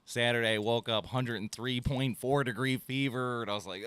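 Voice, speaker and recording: A man's voice: mid-range voice, fairly even intonation, normal speed, fairly bright tone, clean tone, no room sound. A man hosting a podcast, telling a loose, profane story and acting out both sides of his phone calls. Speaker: podcast host. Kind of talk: casual storytelling chat.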